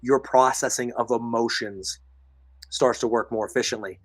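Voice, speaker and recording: A man's voice: mid-range voice, fairly even intonation, normal speed, no room sound. Male podcast co-host, voice fading, emphatic coaching manner, dry close sound. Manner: emphatic, repeats phrases, coaching tone. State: losing his voice. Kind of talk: earnest advice talk, reading listener comments.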